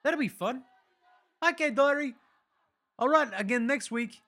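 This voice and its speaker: A man's voice: very high voice, measured pace, sharp tone, pitched above the performer's own voice, heavily acted. A man voicing a laid-back young New Zealand sportsman reading his diary aloud, with a put-on New Zealand accent and a drawl that tacks "eh" and "bro" onto his lines. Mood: easygoing.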